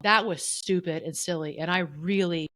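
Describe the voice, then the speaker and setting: Middle-aged woman, lower register, candid and animated storyteller in a casual podcast chat. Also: normal speed, no echo, low-quality recording. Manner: candid, animated, often voices the people she quotes. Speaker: podcast co-host.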